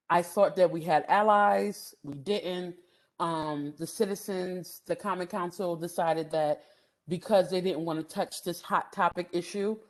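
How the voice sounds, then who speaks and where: A middle-aged woman gives a storytelling lecture, animated, laughing often and using many "um" fillers. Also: fairly low pitch. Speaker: housing development speaker.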